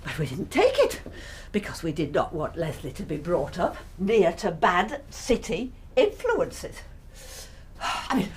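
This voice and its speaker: An actress playing a self-pitying, middle-aged English widow reading out her letter, sighing and fussy, with an English accent. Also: lowish voice. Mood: anguished. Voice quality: melodramatic, sighing, fussy and prim.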